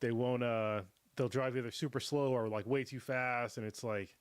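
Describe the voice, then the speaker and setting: A man in his thirties hosts a relaxed livestream chat, his mid-range voice slightly hoarse as he gets over a cold. He laughs easily and lets sentences trail off. The sound is dry and close to the mic. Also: mid-range voice, normal speed, no echo. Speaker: livestream host. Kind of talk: casual chat.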